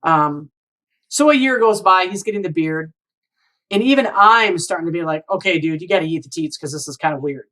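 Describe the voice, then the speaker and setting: A woman's voice: fairly low pitch, brisk, a bit bright, poor audio. A woman in her forties, a guest on an interview show, telling a personal story earnestly and with open emotion, often asking "right?" and "you know?".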